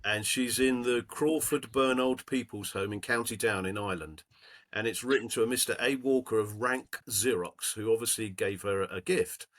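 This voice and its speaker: A man's voice: on the low side, normal speed, fairly bright tone. A man in casual chat, reading a letter aloud to friends and building playfully to a punchline.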